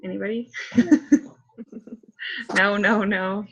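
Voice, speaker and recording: A woman's voice: mid-range voice, little pitch movement, slow pace, pushed and bright, slightly rough, lo-fi sound. A woman coach leading a casual group check-in, chatty and candid, full of likes and ums.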